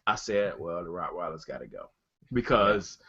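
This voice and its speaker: A middle-aged man from Detroit, co-hosting a podcast and telling a profane story in a lively, animated way. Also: low-pitched, moderate pace, breathy edge, highs cut off. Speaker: podcast co-host. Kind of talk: casual storytelling.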